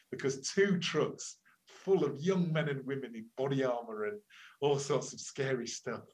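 Animated older man telling protest stories. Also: mid-range voice, poor audio. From England. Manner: lively anecdotal telling with many restarts and acted quotes. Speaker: climate scientist and lecturer, interview guest. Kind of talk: storytelling interview answers.

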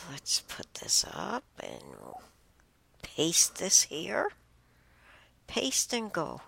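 A woman's voice: medium pitch, very animated, very slow, gravelly, pauses often, pushed and bright, breathy edge. A woman hosting a casual solo talk show, rambling and exclaiming with chuckling asides. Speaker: host.

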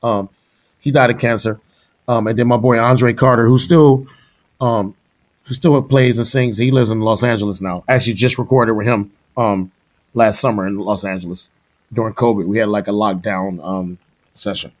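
A middle-aged man from Houston, a drummer, telling stories in a casual interview. He talks in an animated way, laughs often and imitates the people he quotes. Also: lowish voice, normal speed. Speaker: guest musician, drummer.

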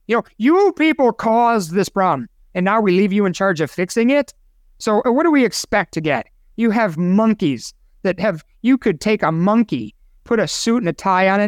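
High-voiced rambling opinionated man. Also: dry recording, clean studio sound. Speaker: co-host. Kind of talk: casual podcast chat.

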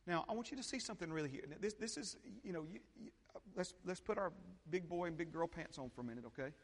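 Animated preacher with hall reverb. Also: male voice, on the high side, fast talker. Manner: animated preacher, repeats phrases and checks in with the congregation. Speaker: pastor. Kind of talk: sermon. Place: church sanctuary.

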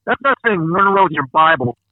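A man's voice: high voice, big pitch swings, fast, a crowd in the background. Ranting, profane man on a thin line. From Canada. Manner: angry, profane, emphatic ranting with repeated words. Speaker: podcast host. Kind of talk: casual podcast rant. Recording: tinny phone-like dry sound.

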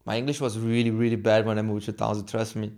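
Brazilian man telling lively stories. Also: lowish voice. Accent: Brazilian Portuguese. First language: Portuguese. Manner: animated, acts out quoted dialogue, halting non-native phrasing. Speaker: guest. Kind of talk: casual storytelling interview.

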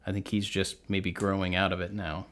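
A man's voice: low voice, little pitch movement, brisk, fairly bright tone. A man in casual conversation, reflective and a little hesitant, speaking frankly about a frustrating year as a parent. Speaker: podcast co-host, parent. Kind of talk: casual chat.

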